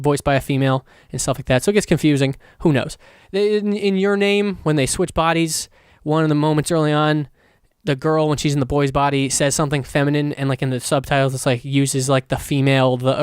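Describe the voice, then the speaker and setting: A man hosting his own podcast, rambling casually and excitedly with plenty of swearing. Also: fairly high pitch, smooth, no echo, clean studio sound. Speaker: podcast host.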